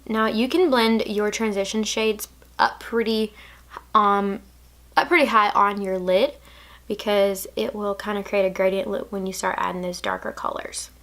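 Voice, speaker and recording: A young woman from Alabama with a Southern accent, chatting casually through a makeup tutorial, playful and drifting into soft asides. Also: mid-range voice, fairly even intonation, moderate pace. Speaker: beauty vlogger.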